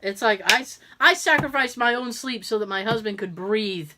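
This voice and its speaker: A woman's voice: a little high, normal speed, noisy background. A woman co-hosting a podcast, telling stories in casual chat and laughing often. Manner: animated, laughing storyteller. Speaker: podcast co-host.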